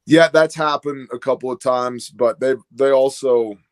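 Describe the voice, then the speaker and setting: A man's voice: mid-range voice, steady tone, a little slow. A man chatting candidly on a livestream, rambling through stories about his staff and acting out what they said. His delivery is loose and conversational, full of asides and fillers. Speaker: guest business owner.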